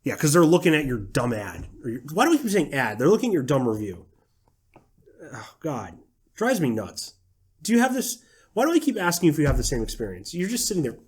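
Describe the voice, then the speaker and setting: A man's voice: a little high, sing-song, brisk, husky. A young man co-hosting a casual podcast, ranting sarcastically and swearing freely. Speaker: podcast co-host. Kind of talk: casual chat.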